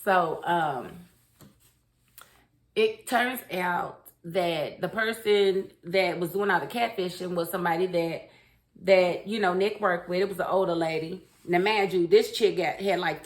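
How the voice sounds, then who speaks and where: A woman's voice: lowish voice, measured pace. A woman recapping a series in a casual, opinionated way, acting out the characters' lines as she tells it. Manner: animated, opinionated storytelling with acted-out quotes. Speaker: show recap reviewer.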